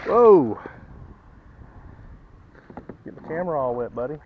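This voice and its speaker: Guy on a kayak, out of breath, keeps going oh my gosh, fairly high voice, muffled camera audio. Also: slow pace, slight background noise. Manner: excitable, repeats exclamations. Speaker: kayak angler. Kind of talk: excited on-the-water fishing commentary. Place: on a kayak outdoors on a lake.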